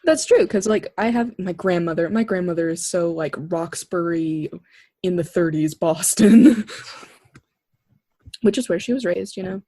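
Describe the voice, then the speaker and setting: A young adult co-hosting a college radio podcast, joking and quipping in an animated, casual way. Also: mid-range voice, breathy edge, no echo, studio quality. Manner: jokey, animated, quick quips. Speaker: podcast co-host. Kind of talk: casual chat.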